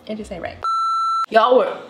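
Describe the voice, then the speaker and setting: A young woman hosting a casual cooking vlog, chatting warmly as she cooks and tastes food with bubbly enthusiasm. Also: mid-range voice, very noisy. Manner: bubbly, enthusiastic, tasting aloud. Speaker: cooking vlogger.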